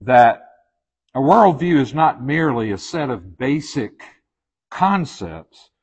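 A man's voice: mid-range voice, lively intonation, takes it slowly, darkish tone, husky. A man with a Southern US accent teaching a church leadership class in a folksy way, with joking asides and frequent restarts. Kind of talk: informal church class lecture.

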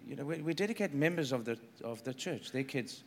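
A man's voice: mid-range voice, animated, a little fast. A man preaching a sermon as a pastor, emphatic and repeating phrases, acting out the quoted dialogue in his story.

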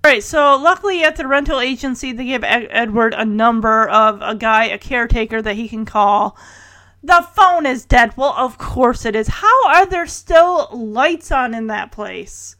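A woman's voice: fairly high pitch, animated, moderate pace, pushed and bright, no echo. A middle-aged woman casually recapping a TV episode, chatty and wry, with laughing asides. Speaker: show recapper.

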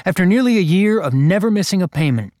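A man reading a gritty story aloud in a measured, deliberate narration. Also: high-pitched, lively intonation, darkish tone, no echo, studio quality. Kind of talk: scripted narration.

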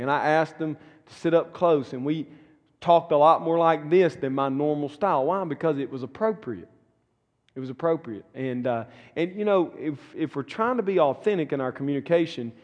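A middle-aged Southern man teaching a church class, earnest and folksy, often circling back to repeat himself. His voice sits a little high for a man. The room around him rings with a long echo. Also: lively intonation, a little fast, dull audio. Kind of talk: conversational teaching talk.

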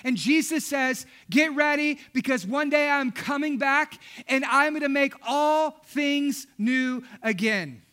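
A man in his thirties preaching a sermon, telling a lively personal story with acted-out quotes. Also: very high-pitched, slow, few pauses. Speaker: pastor.

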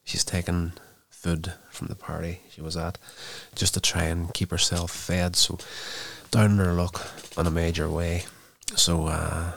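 A man's voice: low-pitched, vocal fry, a bit bright. A man casually recapping a TV episode, rambling with lots of fillers and restarts.

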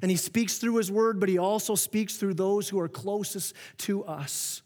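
A man preaching a sermon as pastor, earnest and animated, often restarting his sentences and acting out quoted remarks. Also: high voice, normal speed. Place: church auditorium. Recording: long reverb of a church hall.

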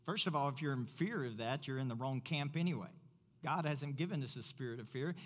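A man's voice: mid-range voice, fairly quick, in a large hall. A pastor preaching a sermon emphatically, repeating his key points for weight.

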